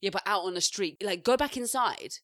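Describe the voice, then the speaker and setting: A young woman co-hosting a podcast, telling animated stories and acting out what people said in casual chat. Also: mid-range voice, fairly quick, dry recording, studio quality. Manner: animated storyteller, acts out quotes loudly. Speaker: podcast co-host.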